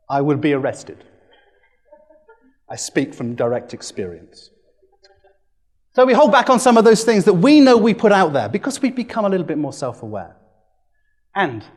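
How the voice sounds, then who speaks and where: A man presents to a room with a playful, animated delivery, his voice sitting a little high for a man. He breaks into quick acted-out quotes as he talks. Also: breathy edge. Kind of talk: lively training presentation.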